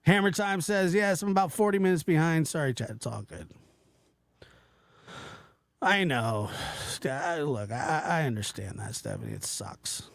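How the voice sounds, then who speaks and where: Animated rambling man on a livestream. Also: a little high, moderate pace, creaky, no room sound. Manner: animated, rambling, self-interrupting, mimics voices in quotes. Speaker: livestream host reading chat. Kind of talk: casual livestream chat.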